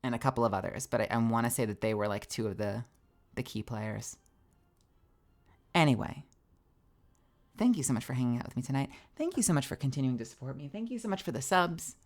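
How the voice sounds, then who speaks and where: A woman's voice: rumbling low, animated, fairly quick, pauses often, a little mellow. A young woman streamer with a tired, strained voice, chatting animatedly, laughing and swearing freely. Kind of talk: casual stream outro chat.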